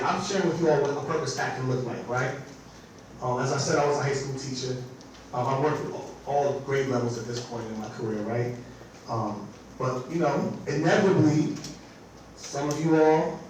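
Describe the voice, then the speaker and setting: A man's voice: mid-range voice, slight background noise. A man giving a live workshop presentation to teachers, talking conversationally and often asking his audience "right?". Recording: very echoey room picked up from far off.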